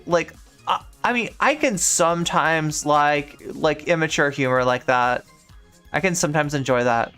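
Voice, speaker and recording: Rambling woman streamer, smooth clear voice. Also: low voice, a bit bright. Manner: rambling, heavy on filler words. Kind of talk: casual live-stream chat while gaming.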